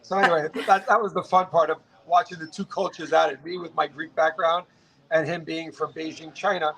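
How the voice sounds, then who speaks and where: Energetic male entrepreneur in his late thirties, telling his story in an interview, rapid with repeated restarts, voice pitched a bit high. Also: gravelly, poor audio. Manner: fast, energetic, frequent restarts and stammered repeats.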